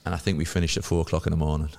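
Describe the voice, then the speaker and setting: A man in his fifties, a podcast guest telling lively anecdotes and acting out the voices of people he quotes. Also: rumbling low, rapid-fire, creaky, big-room sound. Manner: lively storyteller who acts out quoted voices. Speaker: podcast guest, former footballer.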